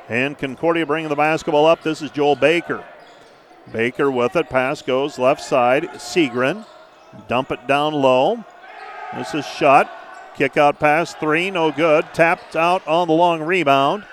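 Male play-by-play caller, slightly high pitch, quick clipped calls, faint gym noise behind. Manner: brisk name-by-name play calling with stat asides. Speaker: play-by-play announcer. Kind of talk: live basketball commentary.

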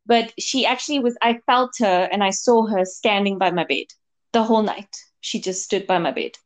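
A woman's voice: medium pitch, moderate pace. A woman co-hosting a casual chat, telling a long personal story with many fillers and restarts. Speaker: podcast co-host, medium.

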